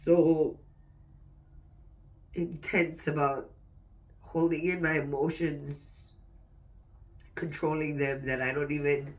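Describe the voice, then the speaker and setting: A woman's voice: sits low, fairly even intonation, recorded from a distance. Tearful woman venting, fighting back tears. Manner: raw, swearing, halting restarts. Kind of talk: emotional venting vlog.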